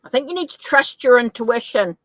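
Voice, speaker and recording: A woman's voice: on the high side, expressive, moderate pace, fairly bright tone, dry recording, low-quality recording. New Zealand woman reading tarot cards. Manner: thinking aloud, self-correcting and reassuring. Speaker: tarot reader. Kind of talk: live-stream tarot reading.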